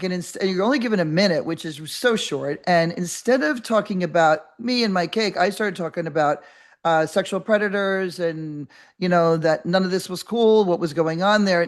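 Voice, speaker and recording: An older woman hosting a podcast, telling a story in a rambling, animated way with many restarts and acted-out voices. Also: on the low side. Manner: animated, acts out quoted voices. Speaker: podcast host. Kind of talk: casual storytelling monologue.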